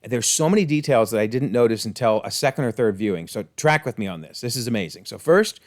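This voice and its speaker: A man's voice: medium pitch, expressive, fast. A man giving enthusiastic, chatty commentary on a TV series, with frequent laughs and fillers. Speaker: video commentator. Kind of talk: casual commentary.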